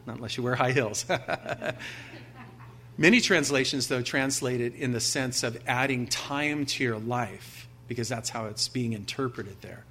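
A pastor preaches a sermon in a medium-pitched, bright, husky voice with a forceful tone and measured pace. He reads scripture aloud with emphasis and poses rhetorical questions to his listeners in a conversational way.

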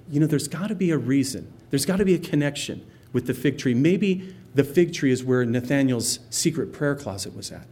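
Man, pastor, conversational bible teaching, explains word meanings, mid-pitched voice. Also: expressive, moderate pace, mellow. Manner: conversational, explains terms, quotes scripture with feeling.

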